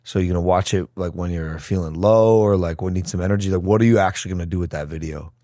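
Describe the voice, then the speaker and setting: A man's voice: deep voice, fast, mellow, no echo, studio quality. A young man co-hosting a podcast in casual banter, teasing and asking blunt questions. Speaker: podcast co-host.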